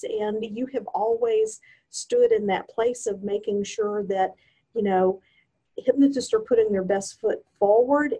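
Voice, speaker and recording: A woman's voice: medium pitch, warm tone, breathy edge, poor audio. A woman guest on a podcast, an earnest hypnosis instructor who speaks with enthusiasm. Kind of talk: casual podcast interview.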